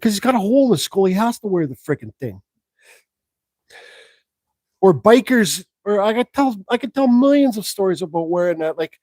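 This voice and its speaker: A man's voice: high voice, warm tone, dry recording, low-quality recording. A man hosting a live Q&A on his woodcarving channel, telling stories in a rambling, frank way with swearing and restarts. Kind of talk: live stream Q&A, casual storytelling.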